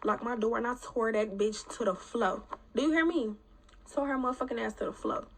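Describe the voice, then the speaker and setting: A woman telling her own story in a casual, animated, profane and blunt way. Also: a little high, brisk.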